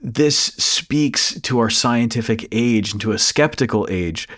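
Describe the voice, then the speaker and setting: A man's voice: medium pitch, a bit bright. A man, a priest hosting the conversation, speaking thoughtfully with many restarts. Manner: thoughtful, halting, with repeated restarts. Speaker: host, a priest. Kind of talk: interview conversation.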